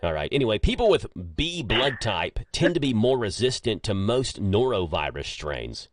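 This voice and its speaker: A man, hosting a casual morning radio show and chatting in a joking, animated way. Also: fairly low pitch, moderate pace, slight background noise. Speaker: radio host. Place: radio studio. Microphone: studio microphone.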